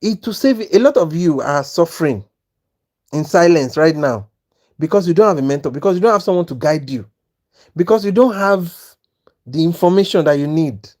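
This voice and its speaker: A man commentating his trades on a live stream, talking with viewers as he goes. He is animated and repeats himself, restarting phrases and asking whether they understand. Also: a little high, normal speed. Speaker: trading mentor and live-stream host.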